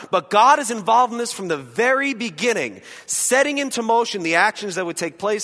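A man with a high, lively voice teaches scripture to a group, throwing in jokes and asking the room questions. His tone is bright and sharp. The sound rings with the long reverb of a hall. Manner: animated, joking asides, rhetorical questions. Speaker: Bible study teacher. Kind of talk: conversational Bible teaching.

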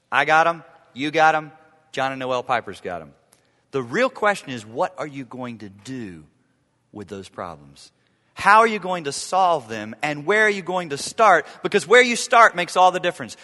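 A man preaching a sermon with an animated, swooping delivery and a bright, forceful tone. He drives his points home by repeating key lines. His voice carries a long reverb from a large hall. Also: on the high side. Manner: emphatic, repeats key phrases. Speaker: pastor.

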